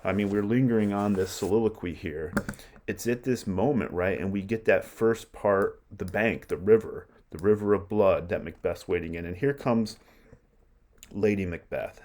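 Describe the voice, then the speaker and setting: A man's voice: on the low side, normal speed, a little mellow. A male literature teacher lecturing on a play in a conversational way, often checking in with his listeners. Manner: conversational, keeps checking with "right?".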